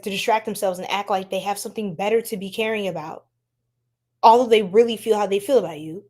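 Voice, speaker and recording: A young woman hosting a casual tarot-reading livestream, chatty and quick to laugh, talking straight to her chat. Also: on the high side. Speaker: tarot reader, livestream host.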